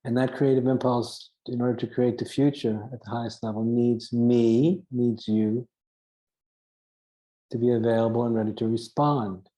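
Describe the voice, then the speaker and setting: A man's voice: medium pitch, steady tone, normal speed, warm tone, rough recording. A man giving an earnest spiritual teaching talk, stressing his points by repeating phrases and now and then chuckling at himself.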